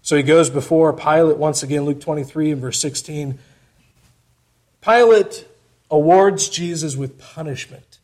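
Emphatic higher-voiced male preacher. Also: measured pace. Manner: rhetorical questions, rising for emphasis then dropping soft. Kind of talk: sermon.

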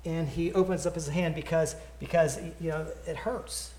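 A man's voice: on the high side, fairly even intonation, moderate pace, darkish tone, roomy sound. A man giving an earnest sermon invitation, repeating words as he tells a story. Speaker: preacher. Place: church.

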